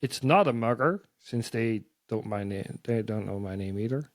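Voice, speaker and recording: A man sharing a personal testimony as a guest, halting and repeating words as he tells his story. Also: lowish voice, dry recording.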